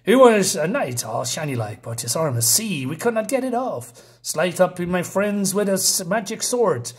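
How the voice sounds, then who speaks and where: A man's voice: sits high, lively intonation, moderate pace, husky, pitched above the performer's own voice. A man voicing a simple, blunt male goblin from a comic.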